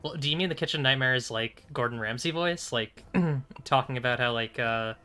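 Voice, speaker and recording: A man's voice: mid-range voice, moderate pace, bright, forceful tone, smooth. A young man streaming a video game, chatting casually, joking, laughing often and swearing. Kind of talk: live gaming commentary.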